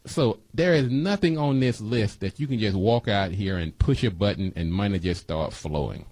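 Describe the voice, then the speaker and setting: A man's voice: lowish voice, normal speed, darkish tone, no room sound. Folksy male talk-radio host. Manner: folksy, preachy, repeats phone numbers. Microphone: studio microphone.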